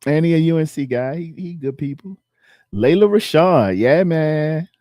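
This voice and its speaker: A man's voice: on the high side, animated, moderate pace, a little mellow, no room sound. A middle-aged man, hosting a casual live stream and rambling as he chats with his viewers. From Virginia.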